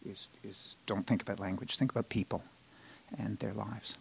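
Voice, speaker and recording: A man speaking as a TV showrunner at a live panel, frank and animated, acting out people's reactions. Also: on the low side, normal speed, vocal fry, slight background noise. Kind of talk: candid panel talk. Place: live event with an audience.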